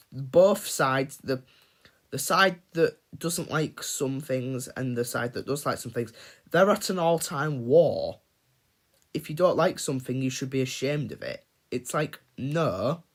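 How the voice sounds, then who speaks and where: A man holds forth on his livestream in a loose, ranting way. He swears freely and breaks off to greet viewers in chat. His voice sits at an ordinary middle pitch. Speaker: livestream host. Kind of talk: casual livestream rant.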